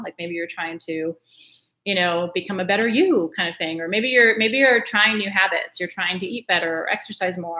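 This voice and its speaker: A woman's voice: mid-range voice, a bit bright. A woman hosting a live-stream sale, chatting in a gushing way and laughing often. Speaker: host selling crystals. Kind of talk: live-stream sales chat.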